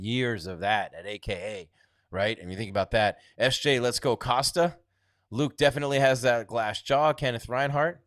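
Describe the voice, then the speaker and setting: In studio-quality audio without echo, a medium-pitched male host runs a relaxed live stream about an upcoming fight. He chats, reads out comments from the chat, and lets his voice trail off quietly.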